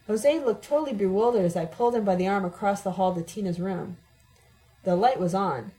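A woman reads a first-person audiobook with a dramatic, emotionally charged delivery. Her voice is mellow and sits at a mid pitch. She gives every sentence strong feeling. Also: fairly quick, rough recording. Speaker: audiobook narrator.

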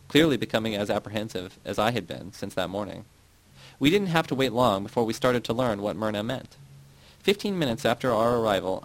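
Brief: male audiobook narrator, first person, lowish voice, steady read. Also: low-quality recording.

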